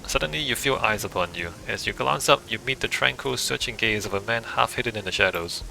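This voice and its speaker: Guy reading game text with dry little asides, gravelly, really bright tone. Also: on the low side, fairly quick, faint music behind, rough recording. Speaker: game streamer.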